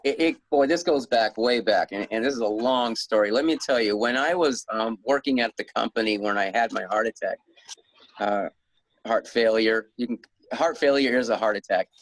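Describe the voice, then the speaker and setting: A man's voice: medium pitch, dry recording, poor audio. Chatty man, dry close sound. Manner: rambling, chuckles often, many restarts. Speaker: guest author. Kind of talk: casual interview talk.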